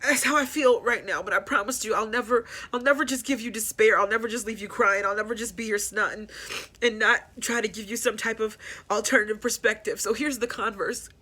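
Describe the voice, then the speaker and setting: Candid, bright-voiced woman host. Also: fairly high pitch, steady tone. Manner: candid, halting, repeats phrases. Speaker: podcast host. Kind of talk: personal grief talk.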